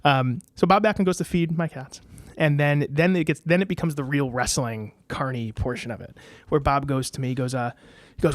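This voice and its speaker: A man with an American accent telling stories as a podcast guest in a casual interview, acting out other people's lines with lively pitch jumps. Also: a little fast, dry recording. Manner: animated, acts out quoted voices.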